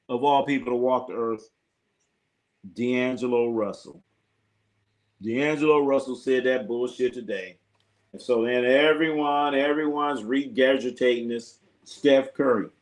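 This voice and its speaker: Loose, profane man hosting a sports livestream. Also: medium pitch. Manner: loose, profane, rambling, repeats himself, laughs often. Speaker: sports talk livestream host. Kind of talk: casual live-stream chat reading viewer comments.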